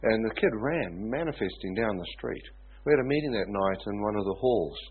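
A man from New preaching, telling stories in an animated way and often asking his listeners if they follow. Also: lowish voice, a little fast, husky. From New Zealand. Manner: animated storytelling, often asks "you know what I mean?". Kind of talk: sermon storytelling. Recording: tinny phone-like sound.

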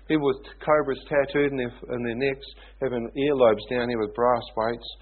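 A man from New preaching, telling stories in an animated way and often asking his listeners if they follow. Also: medium pitch, moderate pace. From New Zealand. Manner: animated storytelling, often asks "you know what I mean?". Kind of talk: sermon storytelling. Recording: tinny phone-like sound.

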